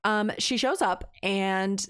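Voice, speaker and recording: A woman's voice: mid-range voice, slow pace, a bit bright, clear, resonant tone, no echo, clean studio sound. A young woman co-hosting a podcast, recapping a book in casual, slangy chat and acting out the characters' lines. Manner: chatty, slangy, acts out quotes. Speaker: podcast co-host.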